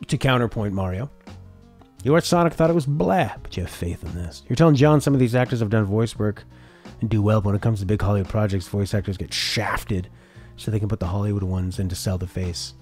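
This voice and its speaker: A man's voice: on the low side, brisk, darkish tone, faint music behind. A man streaming a casual reaction chat, talking things over and reading viewer comments aloud before answering them. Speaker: streamer reacting to a game showcase.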